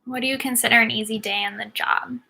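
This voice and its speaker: A woman's voice: fairly high pitch, steady tone, quick pace, vocal fry, pushed and bright, slightly rough. A woman in her thirties, a sports agent, casually answering viewer questions while watching a game, with many ums and likes.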